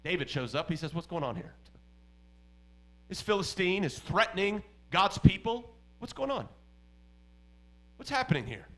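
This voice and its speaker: Animated, bright-voiced male preacher. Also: high voice, low-quality recording. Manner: animated, emphatic, swings between loud and hushed. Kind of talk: sermon.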